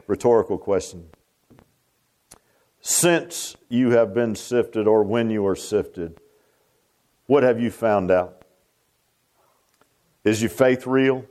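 Preaching with fervor, the man alternates between high, loud climbs and quiet, low drops, repeating phrases as he goes.

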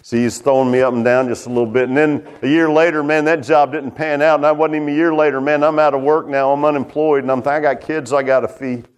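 Middle-aged man, high-pitched, preaching a folksy testimony with big swings in volume. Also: steady tone, quick pace, few pauses, clear, resonant tone. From Virginia. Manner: folksy, repeats "man" and "huh?"; swings from loud preaching to hushed low tones. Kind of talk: testimony sermon.

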